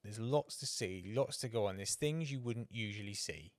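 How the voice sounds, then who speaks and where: A man's voice: fairly low pitch, animated, moderate pace, dry recording, studio quality. A man, co-hosting a motorsport podcast in casual chat, telling rambling anecdotes and swearing freely. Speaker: podcast co-host.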